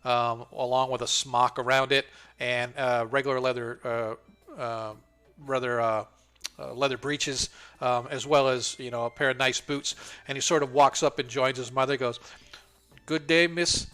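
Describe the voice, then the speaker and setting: Bright-voiced man narrating a tabletop game. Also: medium pitch, flat delivery, smooth. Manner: halting, full of ums and restarts. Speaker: game master.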